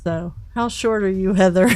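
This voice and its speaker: A woman chatting casually as she crafts on a livestream, teasing her partner and laughing often. Her voice sits in a middle pitch, with faint noise behind it. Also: darkish tone, poor audio. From not from New York. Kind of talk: casual chat while crafting.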